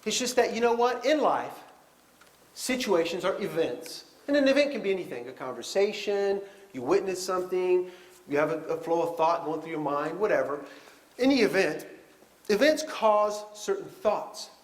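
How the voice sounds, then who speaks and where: A man teaching a counseling class in a conversational, animated way, acting out little scenes of dialogue as he explains. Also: sits high, normal speed, reverberant. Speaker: pastoral counseling lecturer. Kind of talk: classroom lecture.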